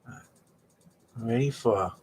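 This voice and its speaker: A middle-aged man with a mid-range voice runs a live auction stream at a measured pace, with a little hiss or hum in the audio. He jokes, rambles through stories in casual chat, and laughs a lot.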